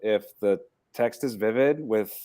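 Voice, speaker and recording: A man with a fairly low voice talks earnestly about translation. His delivery is relaxed and easygoing, like a writer thinking out loud. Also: unhurried. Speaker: writer and teacher, podcast guest. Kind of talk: casual book discussion.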